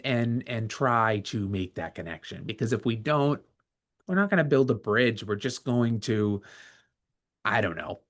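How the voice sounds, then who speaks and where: A man moderating a webinar, asking a panelist questions in a hesitant way, with many pauses and restarts. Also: fairly low pitch. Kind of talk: conversational questions. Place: video call.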